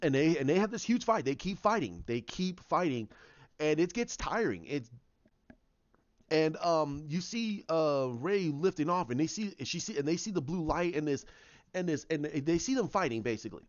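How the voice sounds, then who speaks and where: A man with a somewhat high voice rambles through a casual retelling and stops often to find his words. The recording is dry and a little muffled. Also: expressive, no room sound. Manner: rambling, halting storyteller. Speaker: YouTuber.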